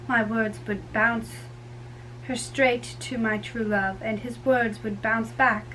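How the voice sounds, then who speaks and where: A woman's voice: fairly high pitch, steady tone, takes it slowly, bright, forceful tone, a little hiss or hum, pitched below the performer's own voice, rough recording. A woman reading a play aloud, voicing an impatient young girl in love who presses and pleads for news. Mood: wistful. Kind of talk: dramatic reading.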